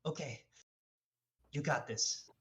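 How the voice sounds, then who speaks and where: A man voicing a clumsy metal construct adventurer who blurts out short, eager lines in a squeaky voice during a tabletop game. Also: takes it slowly, lightly acted.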